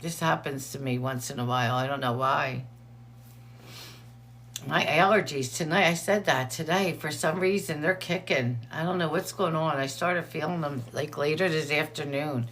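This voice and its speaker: A woman's voice: low voice, moderate pace, a bit bright, a little hiss or hum. A woman hosting a casual livestream, chatting and greeting viewers by name while sharing updates, her eyes teary from allergies. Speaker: livestream host.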